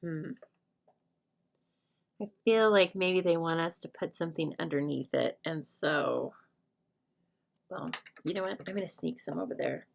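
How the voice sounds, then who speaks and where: A woman's voice: deep voice, unhurried, gravelly, pauses often. A middle-aged woman demonstrating a stamping craft, chatting and thinking aloud as she works, joking with her viewers. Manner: chatty, jokey, thinking aloud while working. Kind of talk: live crafting tutorial chat.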